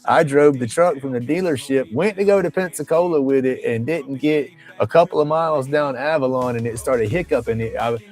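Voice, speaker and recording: A man's voice: mid-range voice, brisk, hardly any pauses, darkish tone. Rambling man telling a story. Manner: rambling, colloquial, profane, with Southern phrasing. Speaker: livestream host. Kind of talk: casual storytelling chat.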